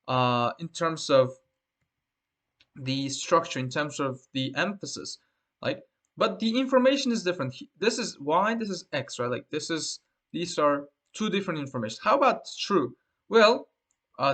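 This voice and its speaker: A man's voice: fairly high pitch, a bit bright. A man teaching a lesson, explaining at length with many fillers and a tag question after most points. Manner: rambling, with frequent fillers and repeated "right?".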